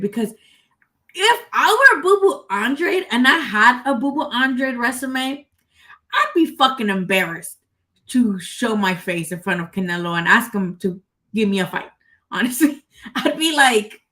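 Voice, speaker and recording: A woman hosting a casual live-stream chat, giving profane, rambling, animated opinions. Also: a little high, measured pace. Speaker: boxing channel host.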